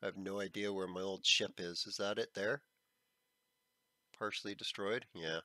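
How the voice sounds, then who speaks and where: A man hosting a gaming channel, chatting casually as he plays, thinking aloud and often clearing a frog in his throat. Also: deep voice, fairly even intonation, moderate pace, pushed and bright, no echo. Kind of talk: casual gameplay commentary.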